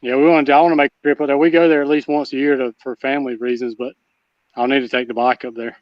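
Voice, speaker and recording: A man from the Southern US, a guest on a casual livestream, talking quickly with lots of uhs and restarts over a dull, dry line. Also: mid-range voice, flat delivery, no room sound. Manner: talks fast with many uhs and restarts.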